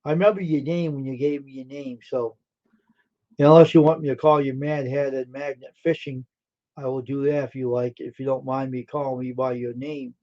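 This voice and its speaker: A man's voice: medium pitch, flat delivery, normal speed. A man hosting a live stream, chatting casually and answering his viewers' messages aloud while sounding tired and yawning. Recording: dull lo-fi stream audio.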